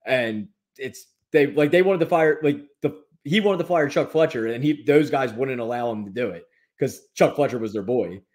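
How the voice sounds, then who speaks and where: A man's voice: medium pitch, expressive, normal speed, a little mellow. A man, a regular on a sports talk show, talking hockey in a glum, blunt way and swearing casually.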